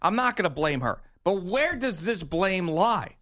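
A man co-hosting a talk show, bantering casually with mock-dramatic flair. His pitch swings widely and sits a little high. Now and then he clears a slightly phlegmy throat. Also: a little slow. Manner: animated, mock-dramatic storytelling. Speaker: radio co-host.

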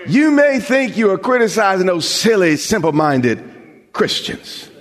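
High, lively-voiced preaching man. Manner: preaching with dramatic pauses and rising emphasis; call-and-response questions to the congregation. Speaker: pastor. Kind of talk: sermon.

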